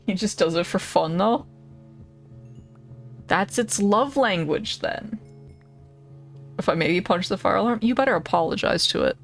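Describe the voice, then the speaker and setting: Brief: woman game streamer, casual and giggly, a little swear-happy, mid pitch. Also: lively intonation, a little slow, vocal fry, long pauses. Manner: chatty, laughs often, swears casually. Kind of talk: casual live-stream chat. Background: faint background music.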